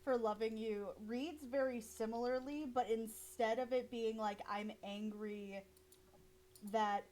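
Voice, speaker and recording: A young woman art streamer chatting casually while she draws, rambling with lots of fillers and quick giggles. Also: a little high, fairly even intonation, mellow, a little hiss or hum, rough recording. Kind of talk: casual chat while drawing.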